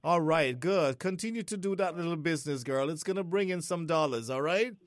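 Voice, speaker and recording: A man's voice: fairly high pitch, fairly quick, no room sound, studio quality. A man hosting a morning call-in radio show, exuberant, laughing often and teasing callers. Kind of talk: lively call-in radio chat.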